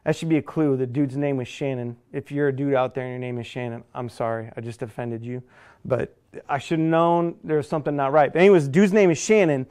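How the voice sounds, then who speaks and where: A middle-aged male pastor preaching a sermon in a conversational way, dropping to a hush and then rising loud. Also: medium pitch, a little fast. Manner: conversational preacher, dynamic swings from hushed to loud.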